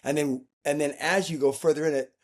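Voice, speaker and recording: Animated man telling stories as a guest. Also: a little high, brisk. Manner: animated, acts out quoted voices, frequent restarts. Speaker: interview guest, choreographer. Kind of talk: reflective conversational storytelling.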